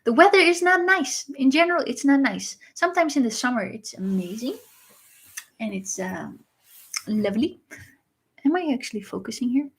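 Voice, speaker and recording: A woman, hosting a casual livestream and answering viewers in a chatty way, often pausing with uh and um. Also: high-pitched, expressive, breathy edge. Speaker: livestream host reading viewer messages.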